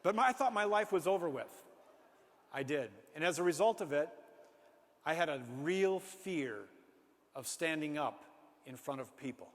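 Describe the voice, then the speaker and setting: A man from Minnesota telling a personal story to an audience with animated, self-mocking humor. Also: on the high side, moderate pace, long pauses. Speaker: speaker. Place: large hall before an audience. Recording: reverberant hall.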